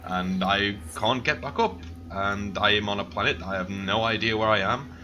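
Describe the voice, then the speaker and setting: A man's voice: lowish voice, moderate pace, bright, forceful tone, slight background noise. A man voicing a sentimental male mechanic stranded far from home, rambling in a wistful, slightly awkward way.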